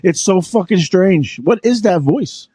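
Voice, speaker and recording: A man's voice: high-pitched, animated, measured pace, warm tone, slightly rough, no room sound. A man hosting a podcast in casual chat, joking and swearing freely. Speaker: podcast host.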